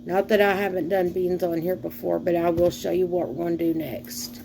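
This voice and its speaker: Over music, a middle-aged cooking vlogger from the American South talks casually in her Southern accent as she cooks. Her fairly low voice has vocal fry and a flat delivery, and she rambles slowly and folksily with fillers and sighs.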